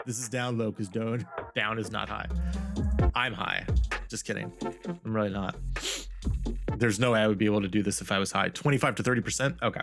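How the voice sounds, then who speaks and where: A man's voice: fairly low pitch, fairly even intonation, a little fast, gravelly, pauses often, a bit bright. A man streaming from home, casually chatting and repeating silly test phrases while adjusting his mic settings. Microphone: studio desk mic. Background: music playing.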